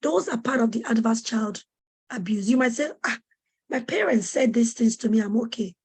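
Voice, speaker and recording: A woman's voice: a little high, expressive, moderate pace, a little mellow, husky. A woman presenting a parenting webinar, speaking with urgent, preacherly emphasis and repeating questions to press her point. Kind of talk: earnest teaching talk to parents.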